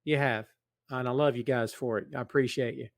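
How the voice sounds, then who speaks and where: Brisk and fairly even in intonation, a middle-aged man with a medium-pitched voice hosts a casual live stream, calling out viewers by name and teasing them before earnestly appealing to them in a serious way. He's a podcast host in a large empty building, miked in front of a camera, and the recording is dry and studio quality.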